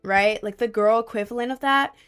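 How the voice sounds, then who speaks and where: A young woman livestreaming, chatting casually with her viewers in a rambling, animated way with lots of "like" and laughter. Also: a little high, brisk, clear, resonant tone. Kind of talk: casual livestream chat reading viewers' messages.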